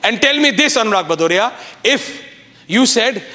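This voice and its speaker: A man with an Indian English accent anchoring a news debate, talking forcefully and insistently and hammering the same questions. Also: sits high, animated, normal speed. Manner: forceful, insistent, repeats commands. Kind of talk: heated debate moderation.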